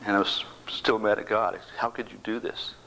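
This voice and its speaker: A man in his sixties, a bereaved father, giving a halting personal faith testimony that keeps repeating words and slips into whispers. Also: on the low side, steady tone, vocal fry, pushed and bright, a little hiss or hum, poor audio.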